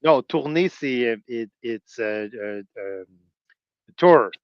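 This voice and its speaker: A man's voice: lowish voice, slow pace, dry recording. A man with a French Canadian accent co-hosting a casual livestream chat, teasing and dropping into French. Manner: teasing, lively, switches into French. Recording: dull, dry lo-fi stream audio.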